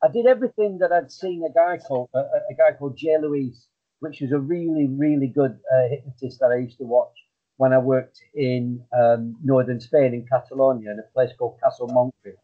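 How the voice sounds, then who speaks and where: This medium-pitched guest speaks a little fast: a middle-aged hypnotist sharing rambling, self-mocking anecdotes with plenty of fillers in a casual interview. The audio is tinny, like a phone call.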